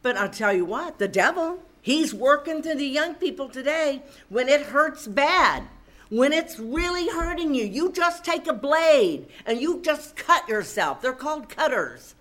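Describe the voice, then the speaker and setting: A woman's voice: sits high, very animated, unhurried, fairly bright tone. A woman preaching a sermon, reading scripture aloud and commenting with rising emphasis.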